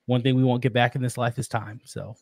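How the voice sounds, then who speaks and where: A man's voice: medium pitch, level tone, a little fast, slightly rough, no room sound, clean studio sound. A man guesting on a podcast, talking about being a father in an earnest, reflective way, often restarting his sentences. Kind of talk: casual interview talk.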